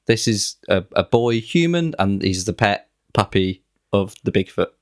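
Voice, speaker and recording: Lively low-voiced man joking. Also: measured pace. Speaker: podcast co-host. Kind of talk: comedic banter.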